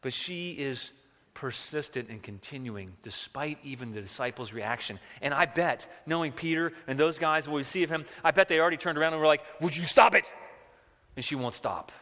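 A male pastor preaching in a conversational way, often slipping into acted-out quotes. His voice sits a touch high and rings bright and forceful. A long reverb from the church hall follows his words. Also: fairly quick. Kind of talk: sermon.

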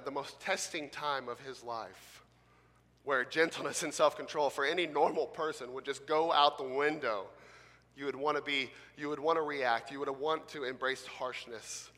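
Bright-voiced pastor preaching in a reverberant hall. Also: male voice, medium pitch. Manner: animated, swings between loud emphasis and quiet gentle delivery. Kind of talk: sermon.

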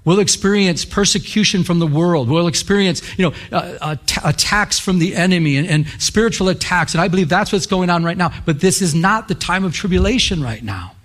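A pastor telling a story in a sermon, quoting scripture, lively at times and hushed at others. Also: male voice, high voice, a little fast, hardly any pauses. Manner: animated, quotes scripture, drops to hushed intensity.

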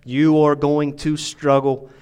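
A male pastor preaching a sermon, moving from emphatic, rising passages to quieter, reflective stretches. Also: fairly high pitch, level tone, takes it slowly, clean tone, low-quality recording. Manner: preaching with swelling, emphatic delivery that drops to quiet asides.

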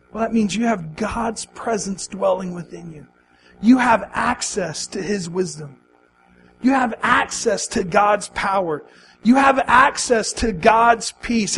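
High-voiced man preaching with passion. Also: poor audio. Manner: impassioned, repeats phrases for emphasis; talks to the congregation with questions and call-and-response. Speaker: pastor. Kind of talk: sermon.

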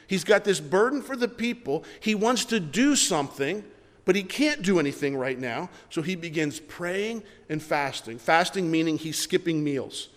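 A male pastor preaching a sermon, emphatic and repeating his words, slowing down to read scripture. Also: fairly high pitch, animated. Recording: long hall reverb.

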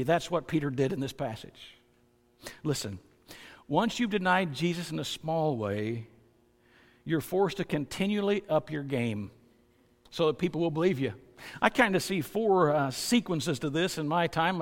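A man preaching a sermon as pastor, earnest and building to loud, emphatic stresses. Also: high voice, big-room sound.

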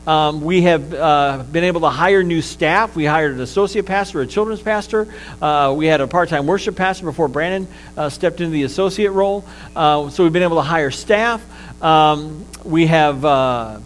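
A man with a fairly high voice delivers a sermon to his congregation, talking in an easygoing, conversational way full of "uh" and "um" and repeated starts. There is a faint hum under the recording. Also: low-quality recording. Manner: conversational preaching with frequent fillers and restarts. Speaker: pastor.

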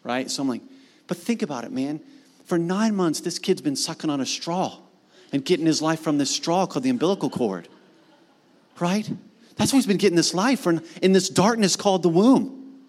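Male pastor, 30s, high-pitched; casual, animated sermon delivery with slangy asides. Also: normal speed.

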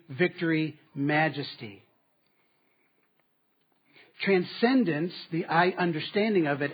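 A man delivers a sermon in a somewhat high, husky voice. He swings from emphatic lines to hushed asides. The recording sounds a little dull and muffled. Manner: dynamic preaching, dropping to quiet asides with laughs. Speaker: pastor.

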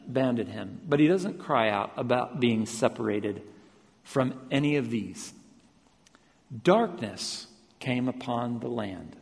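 A man's voice: medium pitch, creaky. Preaching man in a reverberant hall. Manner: builds to loud emphatic repetitions, then drops soft and slow. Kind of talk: sermon. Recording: long reverb of a large hall.

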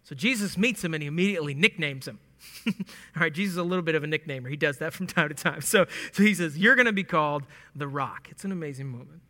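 Man, high bright voice, casual Bible teaching, animated and joking, long hall reverb. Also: fast talker. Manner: animated and joking, acting out lines with laughs. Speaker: preacher teaching scripture.

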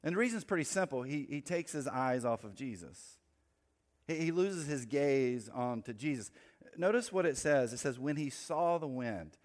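A man preaching a sermon with an easy, conversational delivery, dropping in quick humorous asides. His voice sits at an ordinary middle pitch, and it rings out with a long reverb, as if recorded in a large hall. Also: expressive. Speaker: pastor.

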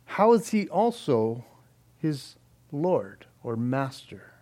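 A man's voice: medium pitch, big pitch swings, slow, mellow. A middle-aged man preaching an expository sermon, reading scripture aloud with earnest emphasis. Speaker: pastor.

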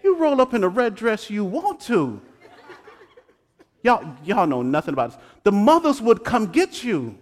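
A pastor preaching a sermon who teases his congregation and swings between hushed asides and loud exclamations. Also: sits high, wildly swooping pitch, measured pace. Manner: talks straight to the congregation, joking and teasing. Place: church sanctuary. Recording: long hall reverb.

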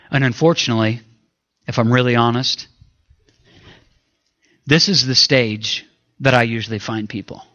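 Bright-voiced pastor preaching. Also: male voice, moderate pace, pauses often, dull audio. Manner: swings from raised, urgent preaching to low, hushed asides; playful, acts out his own inner voice. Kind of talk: sermon.

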